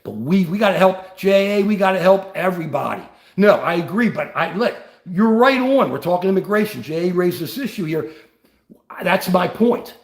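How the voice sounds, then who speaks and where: A man's voice: high voice, expressive, normal speed, roomy sound. An older man hosting a live stream, talking politics and answering viewer comments with passion. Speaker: livestream host.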